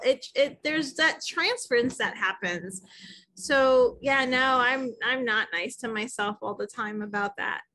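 A woman co-hosting a podcast, chatting casually and acting out her own reactions with lots of fillers. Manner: animated, acts out her own reactions in high voice. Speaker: podcast co-host. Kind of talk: casual chat.

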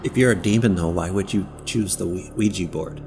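A man's voice: low-pitched, brisk, music in the background. A man co-hosting a podcast, chatting casually and questioning things in a skeptical way. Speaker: podcast co-host. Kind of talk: casual chat.

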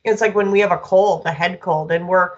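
A woman dog trainer talking in a lively, storytelling way, full of quick asides. The recording is a bit dull and lo-fi, as if the highs were rolled off. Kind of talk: casual conversational chat.

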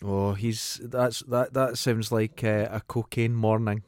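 A man's voice: lowish voice, level tone, takes it slowly, a little mellow. A Scottish man chatting casually on a podcast, dropping dry, wry asides in a mid-range voice. The sound is close and dry, with no room echo. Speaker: podcast co-host. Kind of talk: casual chat.

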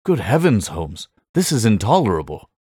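Earnest loyal doctor sidekick read by a man, deep dry voice, easily alarmed. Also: moderate pace, no echo, lightly acted. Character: loyal, earnest male doctor companion, middle-aged. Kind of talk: audiobook character voice.

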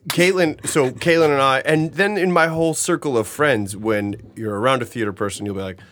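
A man's voice: medium pitch, a little fast, fairly bright tone. A man hosting a casual podcast chat, teasing his guest playfully. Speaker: podcast host.

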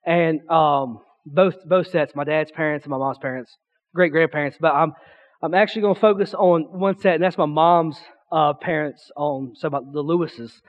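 A young man giving a youth pastor's sermon in a church, a loud, excitable talker who rambles with restarts and acts out the voices in his stories. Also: a little high, normal speed, dull audio. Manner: chatty storytelling with restarts, acting out quotes. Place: church sanctuary.

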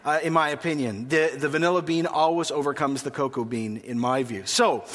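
A man's voice: on the high side, brisk, fairly bright tone. A Canadian man preaching a sermon in a chatty, joking way, asking the congregation questions. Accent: Canadian English. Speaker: pastor. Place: church hall. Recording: long hall reverb.

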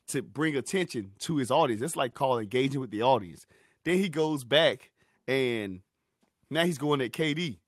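A young man hosting a sports talk podcast, talking in a loose, animated way with lots of fillers. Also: medium pitch, no room sound, clean studio sound. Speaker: podcast host.

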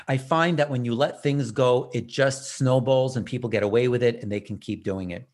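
Brief: male podcast host at an average pitch, casual, animated, self-mocking storyteller. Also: moderate pace.

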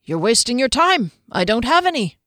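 A woman's voice: a little high, very animated, normal speed, a bit bright, no echo, studio quality, voice pushed up. A woman voicing a nervous, scrawny little male herbalist who stammers and stays stiffly polite.

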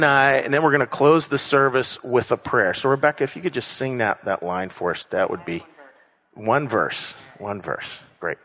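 A man's voice: mid-range voice, sharp tone. A man preaching a sermon to a congregation, earnest, repeating key phrases and leading the crowd in call-and-response. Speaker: pastor. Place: church stage before a congregation. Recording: echoey church hall.

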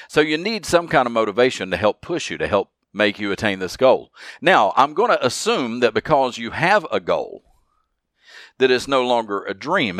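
A man's voice: lowish voice, a bit bright, no echo, studio quality. Emphatic man hosting a motivational podcast. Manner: earnest, emphatic, repeats key phrases. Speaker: podcast host. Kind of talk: motivational solo podcast talk.

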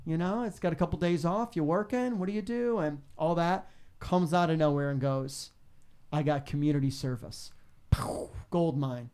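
A man's voice: moderate pace, smooth. A man who works as a radio DJ, telling stories in a casual interview and acting out callers with big jumps in his voice. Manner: animated, acts out callers with big pitch jumps.

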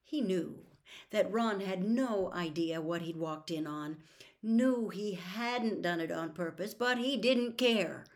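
A woman reading a novel aloud as a serialized storytime episode, softly, slipping into a whisper at tense moments. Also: on the low side, slow. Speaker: audiobook reader.

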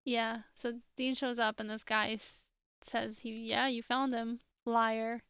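A woman recapping a show on a podcast in a wry, matter-of-fact way. Her fairly high voice is smooth but carries a lot of vocal fry, and it is recorded close and dry. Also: little pitch movement, slow pace, a bit bright, dry recording. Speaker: podcast co-host. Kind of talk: casual chat.

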